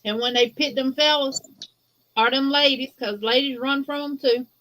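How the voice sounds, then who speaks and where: Bright, high-voiced woman explaining. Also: steady tone, normal speed, poor audio. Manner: emphatic, colloquial, explains at length. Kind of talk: casual chat.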